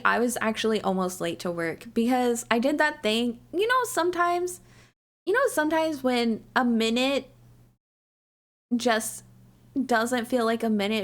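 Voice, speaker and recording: A young woman chats to her live viewers, her slightly high voice a bit strained from days of talking. She rambles and giggles, filling her sentences with "like". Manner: chatty and rambling, heavy use of "like", giggly. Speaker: livestreamer. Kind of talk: casual chat to a live audience.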